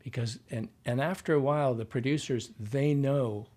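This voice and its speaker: A man's voice: medium pitch, normal speed, dark tone. A man, a dialect coach, talking as a guest in a podcast interview. He explains at length and keeps checking in with "right?".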